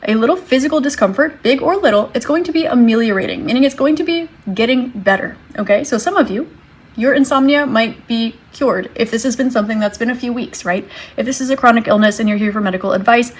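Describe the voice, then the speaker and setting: A woman tarot reader gives her viewers a reading, gentle and reassuring as she thinks aloud while drawing cards. She talks fast in a fairly high pitch, and the audio is slightly rough.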